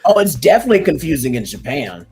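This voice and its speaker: A man's voice: medium pitch, big pitch swings, fast, music in the background. A man co-hosting a live podcast, telling dry, wry stories with casual swearing. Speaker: podcast co-host. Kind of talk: casual live-stream chat.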